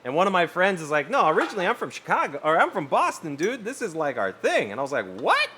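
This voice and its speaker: Animated man chatting on a stream. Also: high-pitched, quick pace, slight background noise. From US West Coast. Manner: animated, swearing, rambling storytelling. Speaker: streamer reading chat. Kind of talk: casual live-stream chat.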